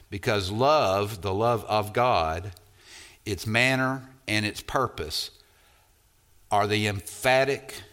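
A man's voice: lowish voice, a bit bright. A man preaching an expository sermon, repeating key phrases and leaning hard on single words for emphasis.

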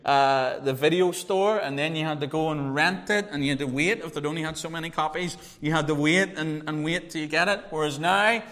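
Pastor preaching in a reverberant hall. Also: male voice, on the high side, fairly quick, few pauses, fairly bright tone. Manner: earnest, conversational preaching with rhetorical questions. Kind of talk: sermon with opening prayer. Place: church hall.

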